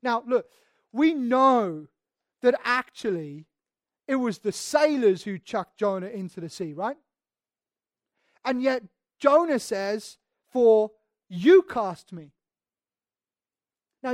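A preacher giving an expository sermon in a conversational, emphatic way, often restarting phrases and acting out quoted speech with sudden swings in loudness. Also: mid-range voice, expressive, unhurried, dry recording, clean studio sound. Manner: acts out quoted speech with sudden shifts in volume.

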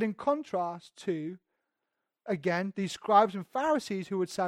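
A man's voice: sits high, animated, normal speed, dry recording, studio quality. A man preaching a sermon in a conversational way, building to emphatic rises. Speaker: pastor.

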